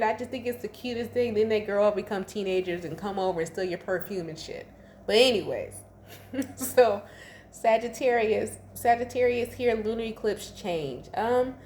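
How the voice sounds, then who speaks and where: A woman's voice: medium pitch, a little mellow, a little hiss or hum. A woman in her thirties giving a casual tarot reading, chatty and slangy, laughing often. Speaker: tarot reader. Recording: echoey room, faint ambience.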